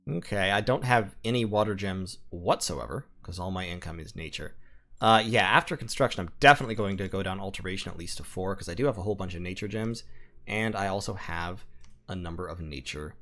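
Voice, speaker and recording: A man's voice: sits low, a little fast, fairly bright tone. A man recording gameplay commentary at home, methodically thinking aloud through his plans and numbers. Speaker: strategy game let's-player.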